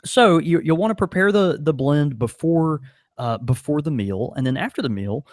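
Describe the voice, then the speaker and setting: A man's voice: on the high side, moderate pace, no room sound, studio quality. A man co-hosting a podcast in casual chat, rambling with lots of fillers. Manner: rambling, many fillers, animated. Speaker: podcast co-host.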